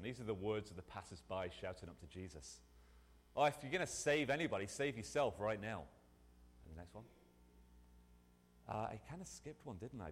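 Male preacher, lively conversational sermon, mid pitch, long hall reverb. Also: a little hiss or hum. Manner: animated, conversational, with restarts.

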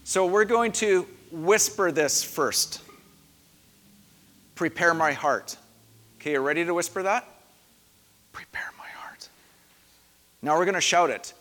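A man preaching a sermon in a church, calm and reflective, dropping soft and then leading the congregation in loud shouted responses. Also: a little high, measured pace, long pauses. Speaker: pastor. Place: church sanctuary. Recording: echoey hall.

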